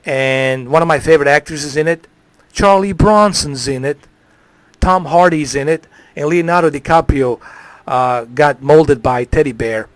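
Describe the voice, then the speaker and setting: A man's voice: on the high side, normal speed, dry recording. A man ranting on a live stream, heated and profane, swearing freely.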